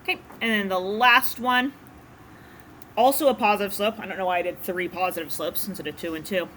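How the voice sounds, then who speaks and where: A woman's voice: medium pitch, steady tone, a little fast, a bit bright, a little hiss or hum. A woman teaching a math class, explaining graphing in a casual, chatty way to her students in a classroom. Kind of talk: classroom lecture.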